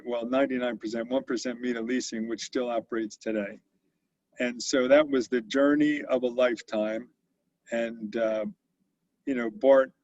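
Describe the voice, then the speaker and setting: A man in his sixties with a gravelly, mid-pitched voice tells stories from his career in a relaxed, conversational way. He speaks with frequent fillers and restarts. The recording is close and dry but sounds dull and lo-fi. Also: dry recording. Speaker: company CEO, interview guest. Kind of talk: storytelling in an interview. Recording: dull lo-fi audio.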